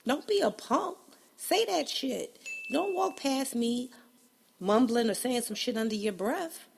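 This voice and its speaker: A woman's voice: fairly high pitch, expressive, measured pace, creaky, slight background noise. A woman hosting a casual solo podcast, blunt and profane, laughing often, a bit congested. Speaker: podcast host.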